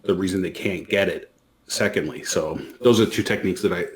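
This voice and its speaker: A man's voice: sits low, a little fast. A man co-hosting a podcast, chatting casually and rambling through a story with lots of restarts. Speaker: podcast co-host. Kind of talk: casual chat.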